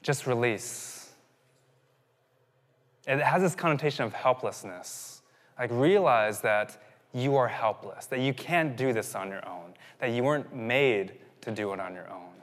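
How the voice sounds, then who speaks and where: A man's voice: medium pitch, expressive, unhurried, a bit bright. A man in his thirties preaching a sermon, telling a personal story in a casual, conversational way that keeps circling back and then builds to emphatic peaks. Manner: conversational, self-interrupting, rising to emphatic peaks. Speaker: pastor. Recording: long hall reverb.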